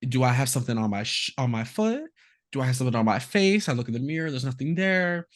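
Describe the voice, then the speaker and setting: A man's voice: medium pitch, fast talker. A man hosting a casual podcast, telling a story and acting out the quotes in it. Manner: animated storyteller, acts out quotes. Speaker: podcast host.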